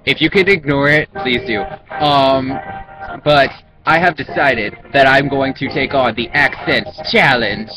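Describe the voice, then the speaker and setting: A man's voice: medium pitch, measured pace, low-quality recording. A young man chatting casually to a vlog camera in a rambling, self-conscious way. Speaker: YouTuber. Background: music playing in the background.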